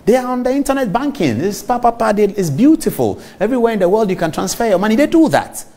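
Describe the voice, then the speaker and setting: Middle-aged Ghanaian man, TV host; emphatic, lively pitch, slightly high voice, talks right to camera. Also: fast. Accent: Ghanaian English. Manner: emphatic, animated, addresses viewers directly. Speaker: TV talk show host. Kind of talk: studio commentary monologue.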